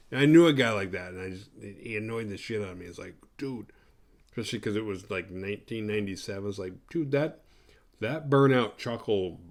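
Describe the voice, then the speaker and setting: A man hosting a horror movie review show, recapping the plot in a rambling, profane, sarcastic way. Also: fairly low pitch.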